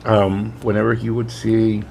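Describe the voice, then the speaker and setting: A man in his forties talks with a relaxed, offhand manner, dropping casual swears and calling his friend dude. His voice sits on the low side. Faint background noise hangs under the chat. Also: measured pace, vocal fry, poor audio. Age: 40s. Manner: laid-back, swears casually, calls people dude. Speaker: podcast co-host.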